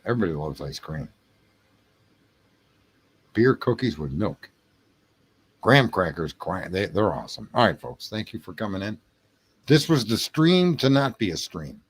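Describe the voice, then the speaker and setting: A man's voice: lowish voice, very animated, normal speed, pauses often, slightly rough. A man hosting a late-night livestream, chatting casually and profanely with his viewers. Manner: rambling, profane, jokey banter with chat. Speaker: livestream host reading chat.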